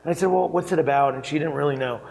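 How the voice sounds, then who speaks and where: Chatty, animated man telling stories. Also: fairly high pitch, very fast, vocal fry, rough recording. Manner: animated, chatty, laughs through anecdotes, many fillers. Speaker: keynote speaker, interior designer. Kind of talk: conversational storytelling on stage.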